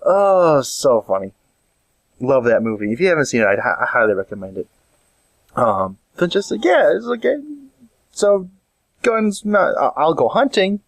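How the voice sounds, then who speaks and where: A man's voice: medium pitch, sing-song, normal speed, long pauses, no room sound. A man giving a casual comedic vlog monologue, rambling and joking with frequent restarts. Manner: rambling, jokey storytelling with many restarts. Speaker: vlogger.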